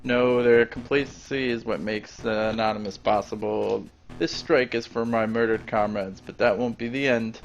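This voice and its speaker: A man reading aloud the lines of a vengeful, scheming male commander from a video game, in a plain, flat reading voice over faint game music. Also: lowish voice, moderate pace, few pauses, muffled recording, lightly acted. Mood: menacing. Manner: reads villain dialogue aloud flatly.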